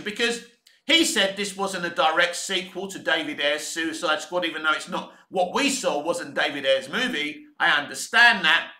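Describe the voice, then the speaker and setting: A man talks through movies in a loose, enthusiastic commentary, throwing in the odd swear word. His voice sits high and sounds very bright and forceful. The room around him is echoey. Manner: opinionated, enthusiastic, swears casually. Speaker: movie reviewer. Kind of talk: casual spoken film commentary.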